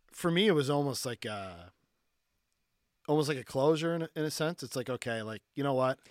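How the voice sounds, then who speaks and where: Animated casual male storyteller. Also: medium pitch, dry recording, clean studio sound. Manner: animated storyteller, heavy filler "like", swears freely. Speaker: podcast guest.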